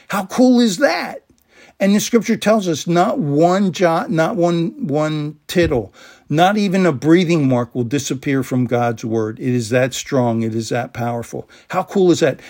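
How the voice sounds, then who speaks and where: A man's voice: fairly high pitch, a little mellow. A man preaching a sermon, emphatic and enthusiastic, repeating key words for stress.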